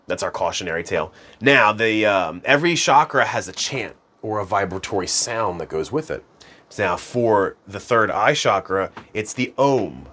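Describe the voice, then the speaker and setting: A man's voice: on the low side, a bit bright. A man giving a casual, rambling spiritual lesson to camera, laughing at himself and drifting into tangents. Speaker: spiritual self-improvement teacher. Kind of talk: casual instructional talk to camera.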